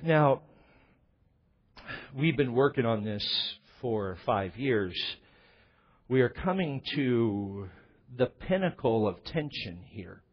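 A man's voice: mid-range voice, lively intonation, slow pace, long pauses, slightly rough, muffled recording. A man preaching a sermon, emphatic, with his voice rising and falling in bursts as he expounds a passage. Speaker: pastor.

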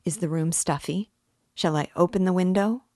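A talkative, ironical middle-aged magistrate, put on by a woman reading an audiobook, fussing and needling in turn. The voice sits low and the recording is close and dry. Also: moderate pace, darkish tone, dry recording. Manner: chatty, mock-solicitous, needling.

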